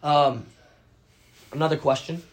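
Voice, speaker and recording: A man's voice: on the high side, fairly even intonation, unhurried. Young man, podcast host, easygoing, asks questions, casual chat.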